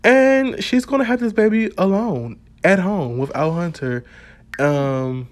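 A man narrates his life-simulation game in a relaxed, chatty way, telling it like a story. His voice sits a bit high for a man. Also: a little slow. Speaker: gaming channel host. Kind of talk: casual gameplay narration.

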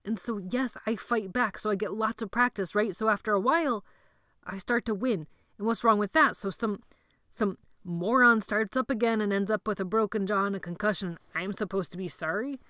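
A woman voicing a quiet, bitter, tough teenage boy, in a smooth, clear voice. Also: mid-range voice, normal speed, no room sound, clean studio sound, close to an everyday voice.

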